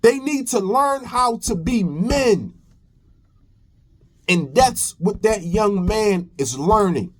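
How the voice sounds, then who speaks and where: A man's voice: high voice, animated, takes it slowly. A young man commenting on a reaction video in a preachy, emphatic way, repeating phrases. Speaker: commentary host.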